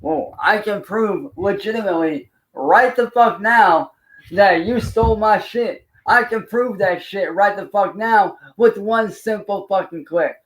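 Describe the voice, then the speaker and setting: Brief: man, high voice, profane heated streamer rant. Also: a little slow, roomy sound, rough recording. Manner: angry, profane, ranting. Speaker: livestream host.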